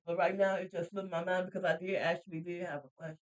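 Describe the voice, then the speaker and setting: A woman's voice: lowish voice, steady tone, rapid-fire, a little mellow, poor audio. A woman in her thirties or forties co-hosting a casual faith podcast, chatty and repetitive, laughing easily. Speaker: podcast co-host.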